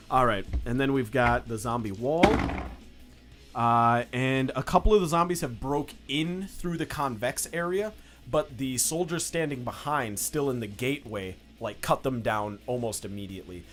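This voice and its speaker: A man's voice: mid-range voice, normal speed, a bit bright, soft background music. Rambling young man running a tabletop game. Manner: loose, filler-heavy describing with many "like"s. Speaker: game master. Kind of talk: casual tabletop game narration.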